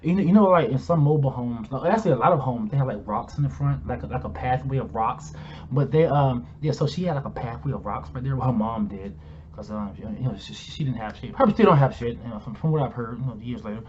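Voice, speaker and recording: A man's voice: mid-range voice, quick pace, a little mellow. A man vlogger casually telling a personal story, rambling with many restarts. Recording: dull lo-fi home recording.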